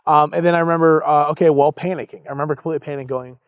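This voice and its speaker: A young man with a fairly high voice recounts a business story in casual conversation. He is animated and leans on fillers. He acts out what people said. The sound is dry and close, with no room echo. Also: racing, clean tone. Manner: animated, full of fillers and acted-out quotes. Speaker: business founder, interview guest.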